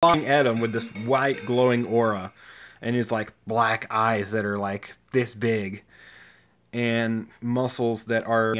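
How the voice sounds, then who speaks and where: A man casually retelling a cartoon story, rambling and halting with lots of fillers. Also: fairly low pitch, level tone, a bit bright. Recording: music playing under the voice.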